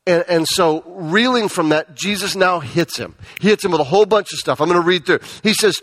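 A man's voice: high-pitched, fairly quick, hardly any pauses, fairly bright tone. A man, perhaps in his thirties, preaching a sermon as a pastor, often stumbling and repeating words as he goes.

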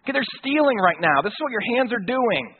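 A man's voice: very high voice, very animated, fairly quick, husky. A man preaching a sermon in a casual, conversational way, with slang and acted-out quotes. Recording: tinny phone-like sound.

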